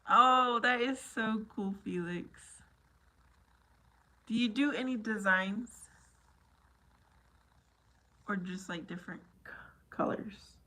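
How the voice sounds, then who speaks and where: A woman chatting slowly and easily on a livestream. She giggles often and answers her viewers by name in a light, playful way. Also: on the high side, sharp tone. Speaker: livestream host. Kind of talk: casual live chat answering viewer comments.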